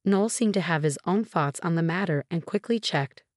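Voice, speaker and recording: Woman narrator, scripted storytelling, steady and even, lowish voice, dry close recording. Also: normal speed, no echo.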